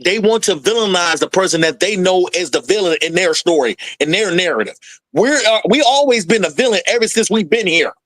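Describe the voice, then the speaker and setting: A man's voice: sits high, expressive, fairly quick, fairly bright tone, dry recording, rough recording. Ranting man with a dry sound. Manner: emphatic, ranting, repeats himself. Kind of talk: heated panel debate.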